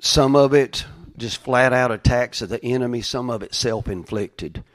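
A man's voice: medium pitch, normal speed. A middle-aged man, a pastor, giving a conversational sermon in a folksy way, with side stories and frequent restarts.

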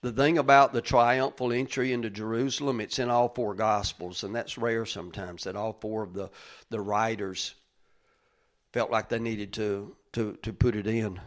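An older man, preaching in a conversational style, calling listeners by name and moving between loud rises and quiet asides. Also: on the low side, fairly even intonation, normal speed. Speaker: pastor. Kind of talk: conversational sermon.

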